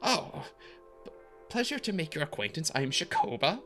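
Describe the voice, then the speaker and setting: A woman's voice: low voice, sing-song, moderate pace, bright, forceful tone, soft background music, pitched above the performer's own voice, full character voice. A man voicing a fussy, polite bird-folk healer woman with a hornbill look, in a tabletop game. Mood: gracious.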